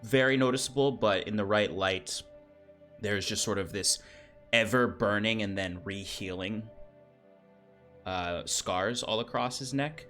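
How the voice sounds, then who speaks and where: A man's voice: lowish voice, unhurried, fairly bright tone. A man narrating a tabletop game as game master, describing scenes with many fillers. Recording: faint music behind.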